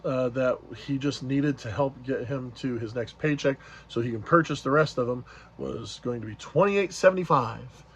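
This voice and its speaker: A man's voice: medium pitch, breathy edge, lo-fi sound. A man casually retelling an event as a vlogger, rambling along with many fillers and restarts. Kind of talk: casual storytelling recap.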